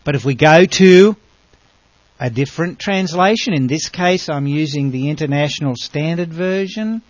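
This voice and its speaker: A man's voice: a little high, no room sound, dull audio. Emphatic man teaching a Bible lesson. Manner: earnest, emphatic, asks rhetorical questions.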